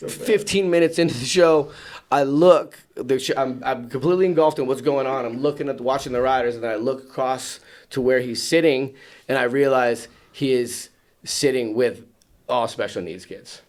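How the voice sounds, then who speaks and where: Man telling a story with loud acted-out voices. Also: mid-range voice, normal speed. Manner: acts out quotes in loud raised voices. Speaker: BMX show announcer. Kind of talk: animated storytelling. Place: podcast studio.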